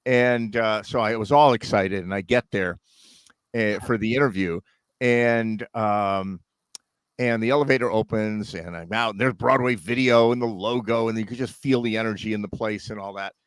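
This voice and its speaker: A man's voice: fairly low pitch, normal speed, clean tone, no echo. A middle-aged man telling a long story in casual chat, acting out the voices of people in it. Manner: animated storyteller, acts out others' voices.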